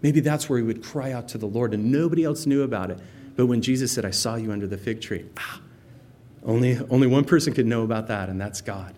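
A pastor teaching verse by verse through a Bible passage in a relaxed, conversational way, explaining word meanings and quoting scripture with feeling. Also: male voice, medium pitch, quick pace.

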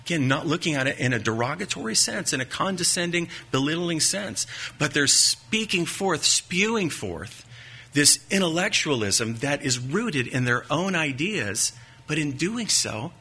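A man preaching a sermon, teaching with measured emphasis, rhetorical questions and folksy asides. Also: fairly high pitch, big pitch swings, pushed and bright, slightly rough. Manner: folksy asides and light joking.

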